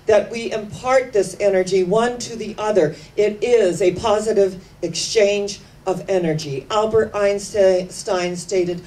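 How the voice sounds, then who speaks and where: A woman giving an inspirational sermon, telling stories with slow, emphatic phrasing that sometimes sinks to hushed tones. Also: mid-range voice. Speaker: spiritual speaker. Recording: distant mic with faint background noise.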